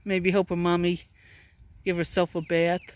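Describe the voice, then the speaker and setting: A woman's voice: on the low side, little pitch movement, normal speed, a little mellow. A woman vlogging outdoors in a pasture, chatting to cows and donkeys in a coaxing, baby-talk way while filming on a handheld camera. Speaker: vlogger filming farm animals.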